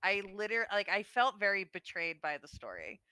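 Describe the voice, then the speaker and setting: A woman's voice: medium pitch, very animated, moderate pace, pushed and bright, clean tone, no room sound. A woman co-hosting a podcast, reflecting earnestly on a film she finds upsetting. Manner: earnest, reflective, emotionally invested. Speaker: podcast co-host. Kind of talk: casual movie discussion.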